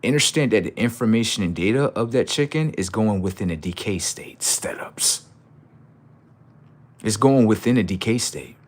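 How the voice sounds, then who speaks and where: A man with a fairly low voice lectures his livestream chat, repeating his points over and over. He swears freely, asks rhetorical questions, and sometimes bursts into loud outbursts. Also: expressive, fast, few pauses. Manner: preachy, repetitive, profane, jumps into loud outbursts. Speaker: livestream host.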